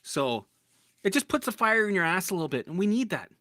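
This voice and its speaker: A man coaching people through recovery in a blunt, profane, animated casual talk. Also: high voice, fairly quick, no room sound, studio quality. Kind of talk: casual motivational talk to camera.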